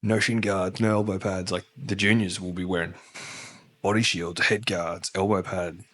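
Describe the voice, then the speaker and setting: A deep-voiced Australian man swaps rough, swear-laden stories on a podcast. His tone is blunt and casual, with laughter breaking in, and his voice sits low. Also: little pitch movement, moderate pace, fairly bright tone. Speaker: guest. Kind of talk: casual interview chat.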